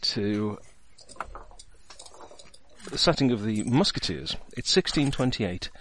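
A man's voice: mid-range voice, expressive, takes it slowly, fairly bright tone, a little hiss or hum. A man, the game master, chatting in a rambling way full of fillers and asides as he sets up a tabletop role-playing game. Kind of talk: casual chat, setting up a tabletop game.

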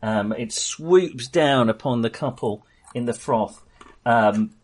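A middle-aged man narrates a tabletop game as game master. He hesitates often and fills gaps with ums. His pitch is in a middle range. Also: darkish tone, husky. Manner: halting, full of ums.

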